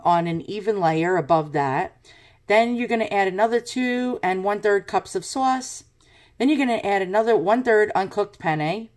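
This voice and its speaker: A woman's voice: mid-range voice, a little mellow. A woman with a New York accent giving a casual, blunt product review with lots of ums and uhs. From Brooklyn, New York. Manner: chatty, blunt, many fillers.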